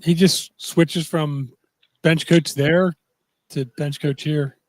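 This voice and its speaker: A man co-hosting a sports podcast, chatting casually and reacting quickly. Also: fairly high pitch, steady tone, a little mellow, no echo. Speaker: podcast co-host.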